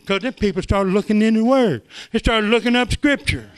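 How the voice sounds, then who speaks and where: An older man preaching, telling folksy stories that swing from soft asides to loud exclamations. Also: extremely high pitch, animated, brisk, few pauses. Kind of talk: sermon testimony.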